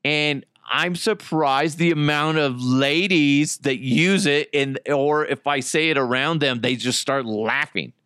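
A man hosting a solo podcast while high, rambling, swearing heavily and laughing often. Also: measured pace, hardly any pauses, bright, forceful tone, clean tone, no room sound, clean studio sound. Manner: profane, rambling, frequent laughter. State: high on cannabis. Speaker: podcast host.

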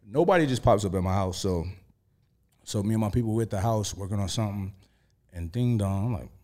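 A man's voice: fairly low pitch, brisk, warm tone. A man as an interview guest, telling stories in a laid-back, profane way with lots of "you know" fillers. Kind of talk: casual storytelling.

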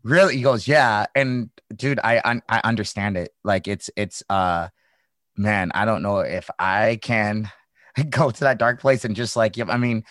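A man's voice: on the low side, steady tone, a little slow, fairly bright tone, dry recording. A young man from the Midwest, a former fighter hosting a casual chat, rambling through stories with swearing and laughter. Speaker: podcast host, former fighter.

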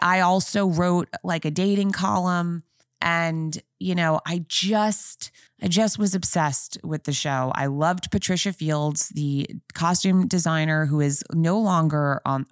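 A woman's voice: deep voice, steady tone, measured pace, clean tone, no room sound, clean studio sound. A woman in her forties hosting a podcast, chatting casually and emphatically to her listeners. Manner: gushing, chatty and emphatic, talking straight to listeners. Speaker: podcast host. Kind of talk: casual chat recap.

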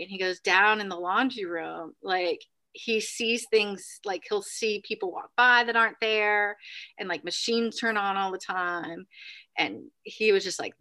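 A woman telling a ghost story in casual chat, full of "like" and "right?", acting out what people said in sudden high bursts. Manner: animated, acts out quotes with sudden high bursts; many fillers like "like" and "right?". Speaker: podcast guest.

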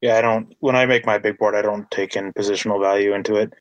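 A man's voice: on the low side, fairly even intonation, quick pace, no echo. A man hosting a casual sports podcast, talking with enthusiasm and building his points with repeated phrases. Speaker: podcast host.

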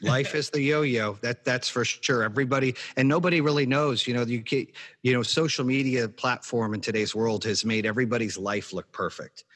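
A man's voice: mid-range voice, fairly even intonation, fairly quick, fairly bright tone. A man from Arizona hosting a podcast, giving a motivational pep talk with many restarts and fillers. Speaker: podcast host. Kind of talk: casual podcast chat.

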